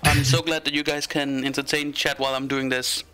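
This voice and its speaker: Bright, clear-voiced man running the game. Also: mid-range voice, flat delivery, soft background music. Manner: halting, many fillers and restarts. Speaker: game master and streamer. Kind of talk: casual chat between game sessions.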